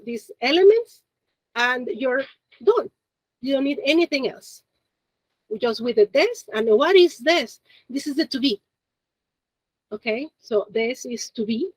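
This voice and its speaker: A woman's voice: sits high, no room sound, rough recording. A woman teaching a basic Japanese class over a video call, checking in often with her students. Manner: encouraging, checks in often with "okay?" and "yes?". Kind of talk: online class lesson. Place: Japanese language school in Monterrey.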